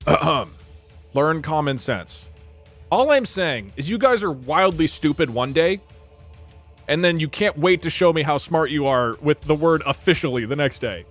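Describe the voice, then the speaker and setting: A man's voice: fairly high pitch, lively intonation, moderate pace, fairly bright tone, soft background music. A man live-streaming, chatting casually with his viewers in a sarcastic, exasperated way. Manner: sarcastic, exasperated banter with chat.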